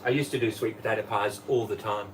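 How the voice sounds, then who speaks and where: A man's voice: on the low side, fast talker, a little hiss or hum. A man hosting a live cooking stream from his kitchen, chatting and greeting viewers by name. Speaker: livestream host and former Tupperware manager. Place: home kitchen. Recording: voice from a distance off the mic.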